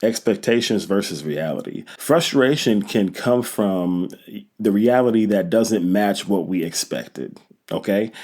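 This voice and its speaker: A man with a low, warm voice talks through a solo podcast episode. He tells stories casually and slips into the voices of the people in them. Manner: storytelling, animated when retelling his rant. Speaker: podcast host.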